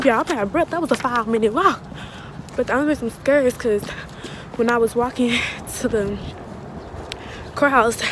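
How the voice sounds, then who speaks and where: A young woman vlogging casually, chatty and slangy, talking straight to her viewers while she walks around outdoors and drives, filming on a phone at arm's length. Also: fairly high pitch. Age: young adult. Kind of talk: casual vlog to camera. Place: outdoors on city streets and in a car. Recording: noisy street recording with traffic.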